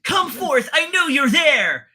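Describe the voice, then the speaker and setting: A man hamming up a young male anime hero who shouts as he strains to call up magic. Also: very high voice, sing-song, slow, over a noisy crowd, voice pushed up, exaggerated voice. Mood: shouting. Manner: hammy, over-the-top.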